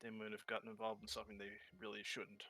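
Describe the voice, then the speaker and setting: A man's voice: fairly low pitch, monotone, fast talker, gravelly, pushed and bright, soft background music. A man playing in a tabletop role-playing game, chatting casually and easygoing. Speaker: player.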